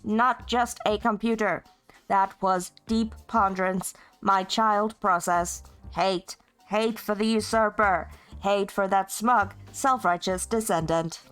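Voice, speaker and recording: A woman voicing a hateful, grandiose computer villain who speaks in slow, menacing, pompous decrees. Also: mid-range voice, fairly even intonation, fairly bright tone, clear, resonant tone, faint music behind. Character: hateful old AI supervillain, bitter and grandiose.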